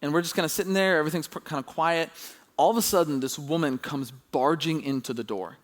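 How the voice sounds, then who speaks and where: A man preaching a sermon as pastor, telling a story with animated, rising emphasis when excited. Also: fairly high pitch, quick pace.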